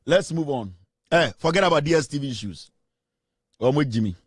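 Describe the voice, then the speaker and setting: A Ghanaian man hosting a political commentary show, talking in an animated, mocking way and mixing in Twi. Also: fairly high pitch, fairly quick, breathy edge. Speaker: host.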